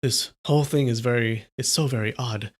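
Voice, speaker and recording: A man's voice: medium pitch, steady tone, normal speed, close to an everyday voice. A man voicing a humble, earnest young swordsman who pleads with his master, as he reads a story aloud.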